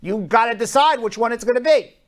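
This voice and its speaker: A man voicing a president who flatly turns down a trade, barely changing his own voice. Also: extremely high pitch, brisk, voice pushed up. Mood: firm. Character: firm male president refusing a trade.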